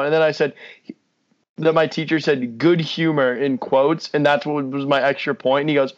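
A man's voice: fairly high pitch, steady tone, moderate pace. A young man co-hosting a casual sports podcast, blunt and ranting, swearing freely. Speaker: podcast co-host. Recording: dull lo-fi podcast mic.

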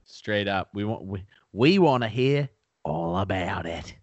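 A young man riffs through a casual podcast chat in a lowish voice, goofy and rambling, dropping the odd swear word. The sound is dry and close, with no room around him. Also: expressive, a little slow, no echo, dull audio. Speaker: podcast co-host.

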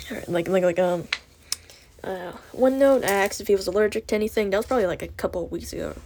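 A woman's voice: medium pitch, brisk, pauses often, darkish tone, slight background noise. Rambling, self-deprecating teenage girl. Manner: rambling and self-deprecating, with heavy filler words and swearing. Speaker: student vlogger. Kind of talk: rambling monologue.

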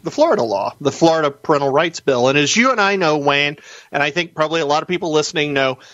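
A man appearing as a guest on a talk radio show, arguing his points in an animated way with quick asides. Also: on the high side, no room sound, muffled recording.

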